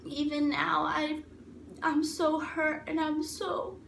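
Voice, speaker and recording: A young woman telling her own story of abuse in an emotional, halting way, often repeating herself. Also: high voice, little pitch movement, creaky, a bit bright. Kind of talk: personal testimony. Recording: echoey room, mic at a distance, faint ambient noise.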